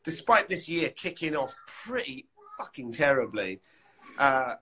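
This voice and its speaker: A man with a husky voice, chatting casually on a live stream, rambling and joking and often breaking off mid-sentence. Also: medium pitch, very animated, unhurried, pushed and bright, slight background noise, poor audio. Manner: rambling, self-interrupting and jokey. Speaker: actor and live stream co-host.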